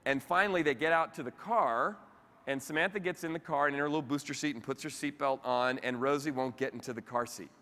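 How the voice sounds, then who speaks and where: Guy doing a keynote in a big echoey hall, bright voice, kinda high, talks right to the crowd. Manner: lively, conversational, addresses audience directly. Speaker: keynote speaker. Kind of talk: motivational keynote talk. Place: convention hall with live audience. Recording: reverberant convention hall.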